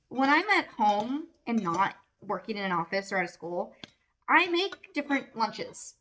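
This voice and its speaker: A woman's voice: mid-range voice, a bit bright. A middle-aged woman vlogging at home in a candid, casual monologue, earnest and emphatic with lots of "like" fillers.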